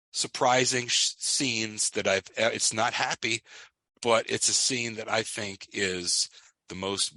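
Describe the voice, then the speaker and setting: A man's voice: medium pitch, pushed and bright, dry recording. A man co-hosting a podcast, retelling a movie scene in casual chat with emphatic outbursts and frequent restarts. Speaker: podcast co-host.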